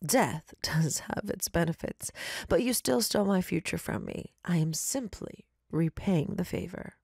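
A woman voicing a vengeful dead young man who speaks slowly and menacingly and drops into whispers. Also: fairly low pitch, lively intonation, gravelly, a little mellow, breathy edge, dry recording, studio quality, exaggerated voice. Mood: gloating.

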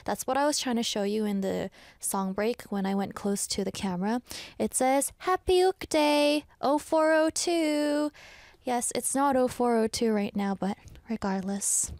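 A woman's voice: mid-range voice, moderate pace, darkish tone, dry recording. A woman hosting a radio show in a studio, chatting playfully and teasing listeners while out of breath. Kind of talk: casual radio chat. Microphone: studio mic.

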